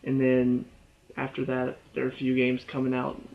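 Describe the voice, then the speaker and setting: A man's voice: mid-range voice, completely flat delivery, normal speed, gravelly. A man giving a casual video game review, rambling and correcting himself as he goes, chuckling often. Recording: dull lo-fi sound.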